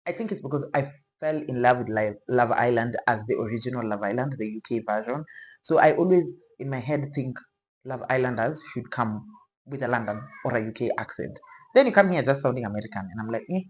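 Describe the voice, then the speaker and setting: A woman's voice: extremely low pitch, animated, brisk, a little mellow, rough recording. A woman chatting casually as a reaction vlogger, rambling and playfully opinionated, with slang asides.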